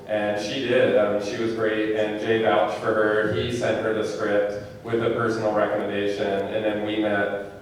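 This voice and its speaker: A man who directed the film answers audience questions at a screening, speaking into a handheld microphone in a movie theater auditorium. His voice is fairly low, the recording is echoey and distant, with slight background noise, and his answers ramble casually with plenty of fillers and quick asides.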